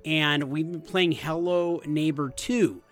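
Upbeat higher-voiced man chatting about games. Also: takes it slowly, faint music behind. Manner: animated, acts out game moments in loud high voices. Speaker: podcast co-host. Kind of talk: casual chat.

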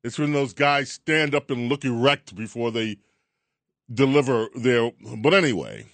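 A man hosting a talk radio show, chatting in an animated, chuckling monologue. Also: mid-range voice, a little slow, dry recording. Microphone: studio mic.

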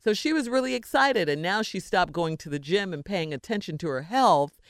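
Frank radio co-host woman, smooth voice. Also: on the low side, expressive, normal speed, no room sound, clean studio sound. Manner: frank, advising, matter-of-fact. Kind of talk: reading and summarizing a listener letter.

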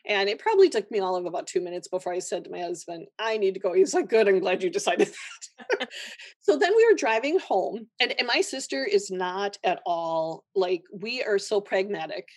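A woman's voice: medium pitch, fairly quick, dry recording, studio quality. A woman nurse telling a personal story in a podcast chat, laughing often and acting out the people she quotes. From Minnesota, USA. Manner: animated storyteller who laughs often and acts out quoted voices. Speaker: guest, holistic nurse.

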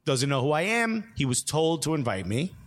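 A man's voice: fairly high pitch, normal speed. Slangy New man telling a story. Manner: animated, slangy, acts out quotes. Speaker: show host. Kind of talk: casual storytelling chat.

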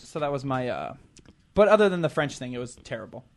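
A man's voice: mid-range voice, big pitch swings, fast, gravelly, a little hiss or hum. A man telling a casual, self-deprecating story on a talk show, with many restarts and acted-out quotes.

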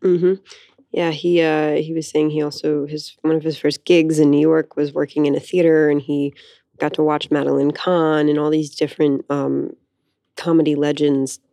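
A woman co-hosting a theater podcast in a relaxed, dry, agreeable way. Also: sits low, moderate pace, dry recording. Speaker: podcast co-host. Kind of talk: conversational podcast chat.

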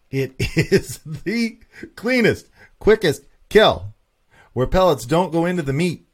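A man hosting a casual podcast monologue, talking emphatically and repeating points for stress. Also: mid-range voice. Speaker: podcast host.

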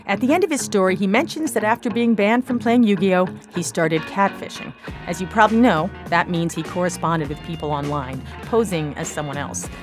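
A woman hosts a storytelling radio hour, reading calm, scripted links between stories. Her voice sits fairly low. A clear music bed plays behind her studio voice-over. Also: fairly quick. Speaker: radio show host.

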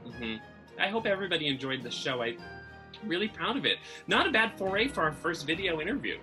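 A man's voice: a little high, very animated, a little fast, pushed and bright, soft background music. A man from Massachusetts with a faint Massachusetts accent, co-hosting a podcast in a chatty, rambling, self-deprecating way. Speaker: podcast co-host. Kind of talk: casual chat.

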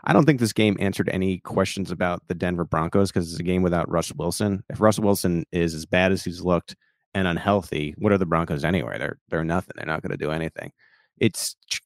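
A man's voice: low-pitched, fast talker, dry recording, clean studio sound. A man co-hosting a sports podcast, giving blunt, matter-of-fact analysis in casual talk. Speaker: podcast co-host.

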